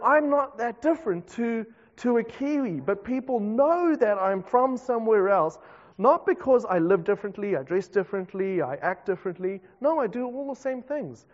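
A South African man, a pastor, preaching a conversational sermon with self-deprecating asides. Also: sits high. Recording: dull reverberant hall recording.

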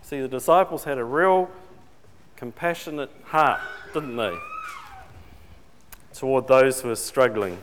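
A man's voice: medium pitch, a little slow, long pauses, a bit bright, a little hiss or hum. A man preaching a sermon in a conversational way, putting questions to his congregation. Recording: long reverb in a large hall.

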